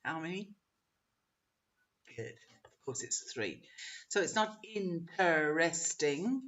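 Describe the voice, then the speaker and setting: A woman teacher trainer leading an online webinar, encouraging and modeling pronunciation slowly. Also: deep voice, big pitch swings, a bit bright. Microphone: video call. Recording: dull lo-fi webinar audio.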